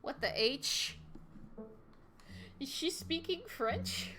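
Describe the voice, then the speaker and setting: A woman streaming a story game, reading the text aloud and joking about her choices in an animated way. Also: high voice, drawn-out words, faint music behind. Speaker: let's play streamer. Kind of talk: game let's play with narration.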